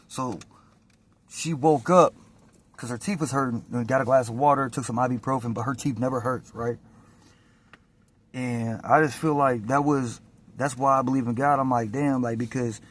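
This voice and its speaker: Man spinning a profane, animated story. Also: mid-range voice, normal speed, pauses often. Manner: animated, profane, acts out scenes. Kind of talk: casual storytime. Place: outdoors. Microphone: phone or camera.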